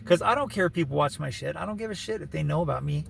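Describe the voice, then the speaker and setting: A man's voice: fairly high pitch, animated, very fast, vocal fry, a bit bright, slight background noise. A man rambling through a personal story in a casual vlog, full of "you know" and "right", with wry laughing asides. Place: living in his vehicle.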